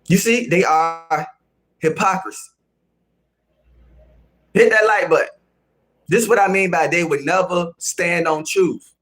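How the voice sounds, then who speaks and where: A male live-streamer lectures and scolds his chat. He keeps repeating his lines and threatens to boot people, his voice sitting slightly high for a man. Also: measured pace, pauses often, a bit bright. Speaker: livestream host. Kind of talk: casual live-stream rant.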